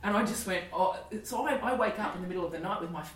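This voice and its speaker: A woman's voice: mid-range voice, fast, few pauses, roomy sound, distant mic, poor audio. An Australian woman in her forties, a comedian telling candid stories in casual chat, laughing and swearing freely. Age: 40s. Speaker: comedian guest.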